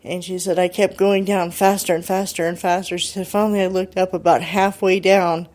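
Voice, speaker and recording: Host type, woman, lowish voice, chatty storyteller who keeps quoting the caller. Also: level tone, fairly quick, a little mellow. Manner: chatty, quotes the caller line by line. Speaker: radio show host. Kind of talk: retelling a listener's ghost story.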